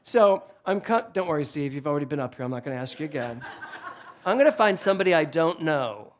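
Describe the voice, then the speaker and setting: A male minister delivering a sermon in a church, telling humorous stories in an animated, joking way into a handheld microphone. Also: on the high side, quick pace, slight background noise. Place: church sanctuary before a congregation.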